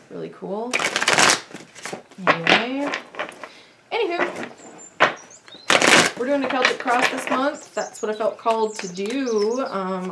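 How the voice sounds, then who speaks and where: A woman's voice: mid-range voice, very noisy. A woman giving a casual tarot reading at home, chatty and sassy, with swearing. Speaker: tarot reader.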